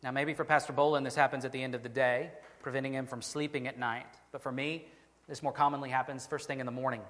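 A man preaching a sermon as pastor, earnest, slowing down to stress key phrases. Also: medium pitch, level tone, fairly bright tone, big-room sound.

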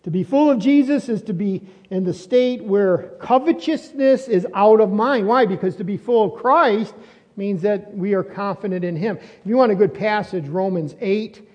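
High-voiced pastor preaching in a reverberant hall. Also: male voice, moderate pace, a little mellow. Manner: conversational preaching, rhetorical questions and frequent restarts. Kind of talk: sermon. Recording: muffled audio with long reverb.

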